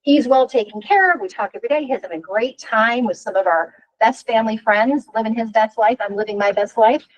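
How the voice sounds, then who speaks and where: A woman's voice: on the high side, a little fast, few pauses, low-quality recording. A woman in her fifties coaching a workshop, talking frankly and chattily and often tossing in a rhetorical "right?". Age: 50s. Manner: frank and animated. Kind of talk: workshop talk.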